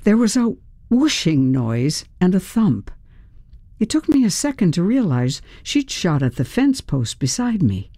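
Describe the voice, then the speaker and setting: A narrator reads a first-person story at an unhurried, deliberate pace, with a mellow, warm tone. The dialogue is acted out along the way. The recording is dry and close, with no room sound. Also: mid-range voice, big pitch swings, no echo. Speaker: audiobook narrator.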